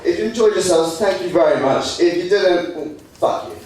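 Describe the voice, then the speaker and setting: A young man from England performing a stand-up comedy routine, lively, putting on high voices for the people he quotes. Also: normal speed. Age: young adult. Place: student comedy stage. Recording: echoey room from far off with audience laughter.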